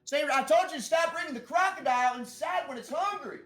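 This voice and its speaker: A man's voice: a little high, lively intonation, moderate pace, bright, forceful tone, soft background music. A man voicing a rambling, easily distracted male car-lot clerk with a put-on drawl in a tabletop role-play game. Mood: yelling. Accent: put-on regional drawl.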